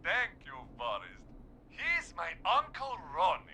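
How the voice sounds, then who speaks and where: An actress voicing a chirpy caller phoning into a game's radio show. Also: female voice, medium pitch, wildly swooping pitch, unhurried, sharp tone, slight background noise, exaggerated voice. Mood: sweet. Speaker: prank caller.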